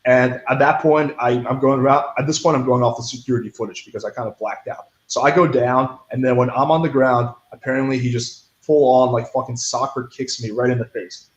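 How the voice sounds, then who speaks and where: A man's voice: medium pitch, steady tone, brisk, hardly any pauses, highs cut off. A young man telling a story in a casual interview, blunt and profane, full of fillers like "like" and "right". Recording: echoey room.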